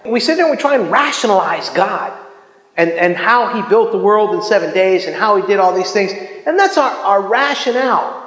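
A middle-aged man preaching in a lively, conversational way, cracking jokes and laughing along with his own stories. His voice sits high for a man. The sound rings with a long echo, as if it was picked up from across a church hall. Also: normal speed. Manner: animated, chatty, jokes and laughs often. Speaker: pastor. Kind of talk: sermon.

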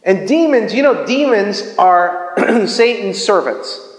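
A man giving a casual, animated sermon, often restarting his sentences with stammered repeats. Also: high voice, slow. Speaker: preacher. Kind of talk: informal sermon. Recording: echoey hall with long reverb.

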